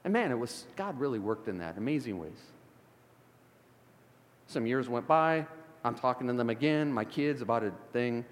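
A man's voice: mid-range voice, lively intonation, moderate pace, pauses often. A middle-aged male pastor from the Chicago area preaching a sermon in a church, shifting from conversational storytelling to fervent emphasis. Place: church sanctuary. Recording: long hall reverb of a church.

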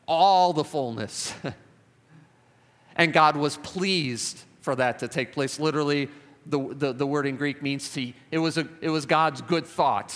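A male preacher with a somewhat high voice delivers an emphatic sermon. He drives home repeated phrases and builds to fervent climaxes. His voice rings with the long reverb of a large hall. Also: fairly bright tone.

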